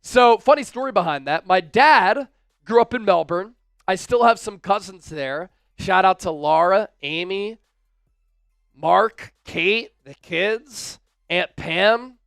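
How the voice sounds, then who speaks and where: Energetic high-voiced male sports streamer. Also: takes it slowly, gravelly, clean tone, no echo. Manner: energetic, hype-driven, reads super chats aloud. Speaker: sports livestream host. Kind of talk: live fan-show commentary and chat shout-outs.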